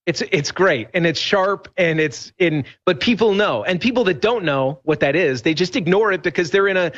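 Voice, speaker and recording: A fairly high-voiced man tells stories in a rambling, emphatic way on a talk show. The audio is dull and lo-fi, like a broadcast feed. He keeps restarting sentences as he pushes his point. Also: expressive, moderate pace, fairly bright tone. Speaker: radio host guest. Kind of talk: animated talk show conversation.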